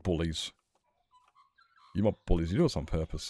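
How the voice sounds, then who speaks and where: Man, very low voice, streamer, casual ranting chat, playful. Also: brisk, vocal fry, long pauses, darkish tone, a little hiss or hum.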